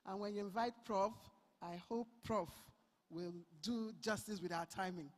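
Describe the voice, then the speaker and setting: A conference moderator introducing the next speaker with lively, jokey remarks. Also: medium pitch, a little slow. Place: large conference hall. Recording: long hall reverb.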